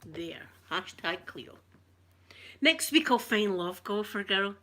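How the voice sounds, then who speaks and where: Bright, lively Scottish middle-aged woman. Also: medium pitch, slow. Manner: bawdy, flirtatious, chatty storyteller. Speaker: ASMR live streamer. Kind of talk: casual live-stream chat.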